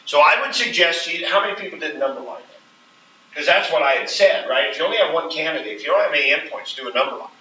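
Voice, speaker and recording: Male teacher lecturing to a class, checks in often. Sharp, bright voice, miked from afar in an echoey room. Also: a little high, lively intonation, fast talker, slight background noise. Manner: explains step by step, checks in with frequent "right?". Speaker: math teacher. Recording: roomy, distant, dull classroom recording.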